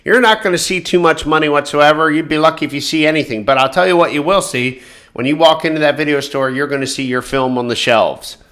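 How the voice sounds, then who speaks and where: A man doing a deliberately silly voice as a pushy, condescending male film distributor, pitched above his own voice and louder. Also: natural voice. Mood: patronizing. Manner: loud, patronizing, deliberately silly voice.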